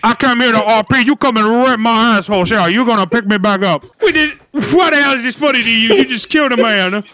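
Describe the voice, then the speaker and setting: A man roleplaying a police officer in a game, talking in a frantic, excitable way and calling everyone sir. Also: very high-pitched, fairly quick, few pauses, a little hiss or hum.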